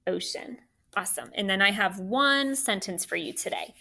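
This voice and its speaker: A woman teacher giving a spelling lesson to children, slow and deliberate, sounding out words letter by letter. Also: medium pitch, lively intonation, gravelly, sharp tone.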